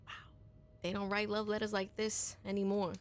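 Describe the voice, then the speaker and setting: A woman's voice: mid-range voice, slight background noise. A woman streaming a story game, reading in-game letters aloud and breaking off for blunt, swearing reactions. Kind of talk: casual gameplay commentary.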